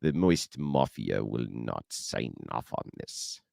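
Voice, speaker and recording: A man's voice: rumbling low, big pitch swings, takes it slowly, gravelly, darkish tone, no echo, studio quality, voice pushed down, heavily acted. A man putting on a sinister old Palpatine-like lord. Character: sinister old male Sith lord handler.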